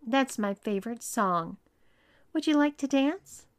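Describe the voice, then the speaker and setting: A woman's voice: on the high side, animated, unhurried. A woman voicing a flustered young man who protests and pleads in a story reading. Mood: sweet. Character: flustered young man pushed into dating a guy.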